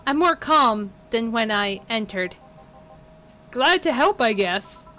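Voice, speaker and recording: A woman voicing a young male bartender who is a gruff man's man, in a flat, guarded way, as she reads a game aloud. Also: a little high, takes it slowly, soft background music, voice pushed down, heavily acted.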